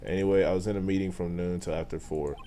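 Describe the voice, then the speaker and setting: A man reading aloud the lines of an awkward, nerdy male TV director from a video game, in a quick, mumbling delivery. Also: low-pitched, fairly even intonation, dark tone, natural voice. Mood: offhand.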